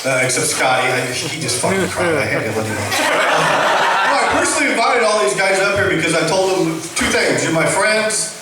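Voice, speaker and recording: Brash comedian in a noisy echoey club. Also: male voice, high voice, big pitch swings, a little fast, distant mic, over a noisy crowd. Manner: brash, profane, joking. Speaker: stand-up comedian. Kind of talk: stand-up comedy. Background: loud audience.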